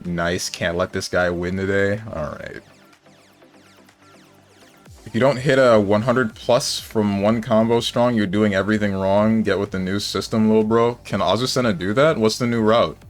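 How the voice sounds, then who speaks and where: A man's voice: lowish voice, moderate pace. A man streaming a fighting game, giving casual commentary with frustrated outbursts and sudden exclamations. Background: fighting game music.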